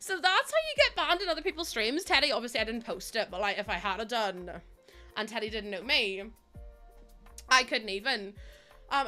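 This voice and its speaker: A woman's voice: fairly high pitch, lively intonation, moderate pace, bright, forceful tone, faint music behind. A young woman chatting casually to her live-stream viewers, giggly and friendly, calling them bestie. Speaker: game streamer.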